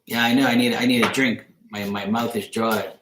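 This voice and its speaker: Man, mid-pitched voice, blunt, crude, rambling live tarot reading, roomy echo. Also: fairly even intonation, brisk, background noise. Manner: loose, blunt and crude, rambling with "you know what I'm saying". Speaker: tarot reader on a live stream. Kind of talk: casual live-stream reading. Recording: echoey room.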